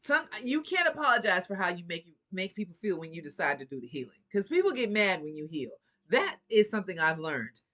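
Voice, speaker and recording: A woman's voice: fairly low pitch, big pitch swings, a little fast, few pauses, fairly bright tone. A woman giving a casual motivational talk to her viewers, sassy and preachy, laughing often and swearing freely. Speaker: vlogger.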